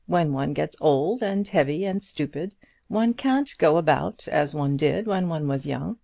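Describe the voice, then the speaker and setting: A woman's voice: on the low side, gravelly, warm tone, no echo, studio quality, full character voice. A woman voicing a frank, gossipy older single woman with folksy, blunt talk in an audiobook reading. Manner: chatty, blunt, homely turns of phrase.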